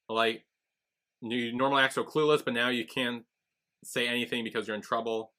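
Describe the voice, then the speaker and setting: A man co-hosting a podcast recaps episodes casually, animating the retelling by voicing the characters' lines as he goes. His voice is medium-pitched and he talks a little fast.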